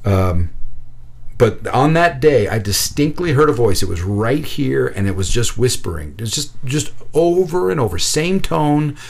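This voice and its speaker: A man's voice: medium pitch, measured pace, vocal fry. Man telling a story with acted-out voices. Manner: lively, acts out voices, frequent restarts and laughs. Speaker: guest telling a personal story. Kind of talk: animated storytelling in casual chat.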